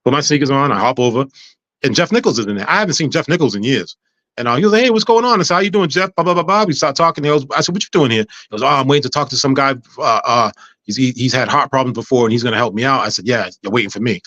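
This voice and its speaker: Fast-talking man telling a story. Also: mid-range voice, no room sound, lo-fi sound. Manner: animated, acts out dialogue, frequent stammers and restarts. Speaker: guest. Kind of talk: casual storytelling.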